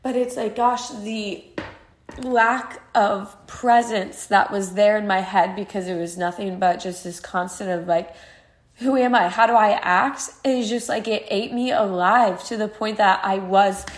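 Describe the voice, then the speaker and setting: A woman in her twenties with a steady, mid-range voice talks a little slowly as she hosts her podcast. She works through her feelings in a heartfelt, frank, casual monologue, leaning heavily on "like."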